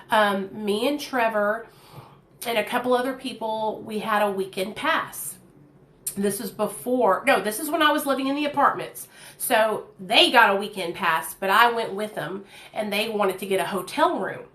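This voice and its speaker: A woman's voice: mid-range voice, fairly bright tone. A woman telling a personal story in a casual, candid and profane way, full of chatty fillers, in an echoey room. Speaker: vlogger.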